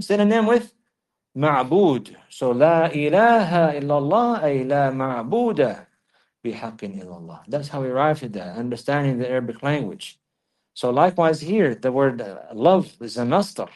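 A man giving a religious lesson, reading Arabic passages quickly and then translating and explaining them slowly, often repeating himself and checking that listeners follow. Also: a little high, a little mellow. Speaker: religious teacher. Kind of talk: classroom lecture explaining a text.

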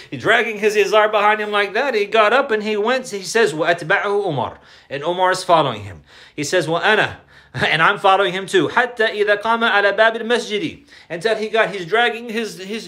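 A man telling a religious story as a lesson, reciting Arabic lines and then explaining them in casual English, acting out the shouts of the people in the story. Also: sits high. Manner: animated retelling, quoting Arabic then translating, acts out shouts. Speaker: religious teacher. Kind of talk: sermon storytelling.

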